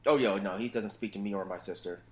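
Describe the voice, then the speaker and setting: A man's voice: on the low side, quick pace. A man in his thirties chatting casually as a guest, loose and profane, telling stories about his family. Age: 30s. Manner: loose, profane, animated storytelling. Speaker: podcast guest. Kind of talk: casual chat.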